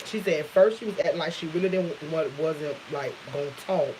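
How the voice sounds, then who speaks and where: A woman's voice: lowish voice, moderate pace, hardly any pauses, background noise. A woman vlogger casually retelling a dramatic story, swearing freely and acting out what others said. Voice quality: profane, dialect-rich, acts out quotes. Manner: animated retelling with shifting quoted voices.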